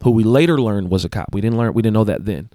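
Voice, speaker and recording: A guest who is a basketball coach and athletic director tells a story in casual chat, rambling, restarting and correcting himself. His lowish voice is quick and mellow, recorded in a clean studio with no echo.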